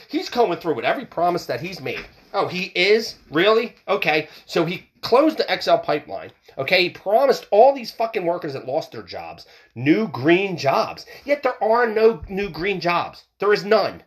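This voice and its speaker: A man's voice: a little high, fairly bright tone. A man ranting heatedly, swearing often and repeating himself as he works up his argument. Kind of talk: political rant monologue.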